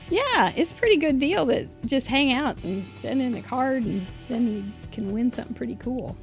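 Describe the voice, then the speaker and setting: Bubbly, high-voiced woman hosting a craft show. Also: lively intonation, a little slow, faint music behind. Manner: bubbly and chatty, laughs often, stumbles over names. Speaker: host of a live crafting show. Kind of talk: live-stream show hosting.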